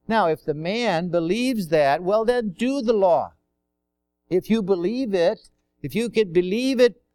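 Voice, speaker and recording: A man's voice: sits high, a little mellow, clear, resonant tone, no echo. A man preaching a sermon in a conversational way, asking rhetorical questions and acting out quotes.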